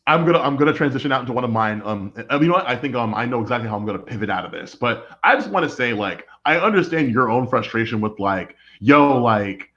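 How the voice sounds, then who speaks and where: A man's voice: medium pitch, lively intonation, fast, hardly any pauses, a bit bright. A young man from the United States, co-hosting a podcast in casual chat and rambling with lots of "like". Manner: rambling, heavy on fillers like "like". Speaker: podcast co-host. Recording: dull lo-fi recording.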